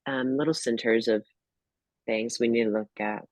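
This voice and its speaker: A man's voice: medium pitch, steady tone, moderate pace, dry recording, poor audio. A young man, a guest tarot reader, chatting casually and hesitantly, full of fillers and restarts. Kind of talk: casual chat.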